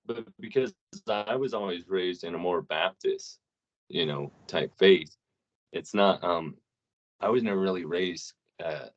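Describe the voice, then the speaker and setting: Deep-voiced man in loose, swearing chat. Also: a little slow. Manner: loose, profane storytelling. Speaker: podcast co-host. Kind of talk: casual podcast chat. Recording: dull lo-fi audio.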